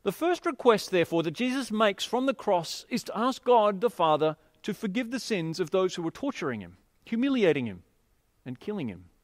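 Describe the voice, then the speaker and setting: A man preaching a sermon, telling a scripture story and explaining it in an expressive, emphatic way. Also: high voice, fairly quick, dry recording, clean studio sound.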